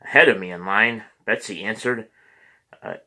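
A man narrating a memoir audiobook in a measured way, with occasional stumbles and restarts. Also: fairly low pitch, bright, forceful tone.

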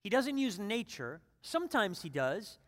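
A man with a high-pitched voice preaches to his congregation, chatty and informal at times, then building into emphatic repeated lines. His voice rings with a long reverb through the church hall. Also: very animated, measured pace. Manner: conversational, builds to emphatic runs. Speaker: pastor. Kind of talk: sermon.

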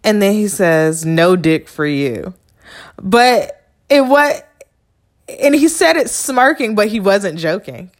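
A woman's voice: mid-range voice, very animated, slow pace. A woman hosting her own podcast, telling a personal story in a candid, blunt, conversational way, swearing freely and talking straight to the listener. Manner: conversational, addresses listener directly. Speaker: podcast host. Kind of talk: casual solo storytelling monologue.

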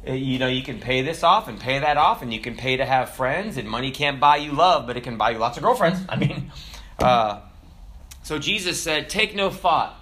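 Bright-voiced man preaching a sermon. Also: mid-range voice, expressive, a little hiss or hum. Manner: slow emphatic preaching with humorous asides. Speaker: pastor.

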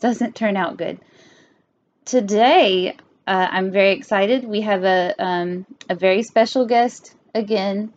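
A woman's voice: medium pitch, lo-fi sound, a little hiss or hum. A young woman, hosting a casual podcast chat with her father, giggly and full of fillers. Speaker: podcast host.

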